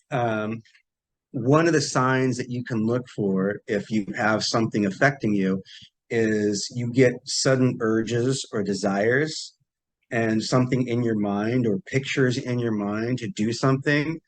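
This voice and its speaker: Man guest, mid-pitched, easygoing storyteller who acts out the quotes. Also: a little slow. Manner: relaxed, acts out quoted dialogue. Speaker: podcast guest, psychic healer. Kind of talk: casual storytelling.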